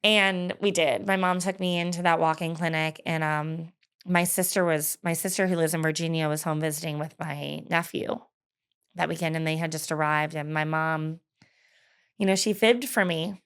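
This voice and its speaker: A woman's voice: sits low, fairly even intonation, normal speed, a bit bright, smooth. A woman in her thirties telling her personal story in an interview, candid and hesitant, with frequent fillers and laughs. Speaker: guest.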